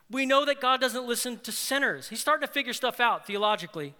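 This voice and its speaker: A man preaching a sermon as pastor, animated, swinging between loud emphatic lines and hushed ones. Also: high-pitched, fairly quick, long reverb tail.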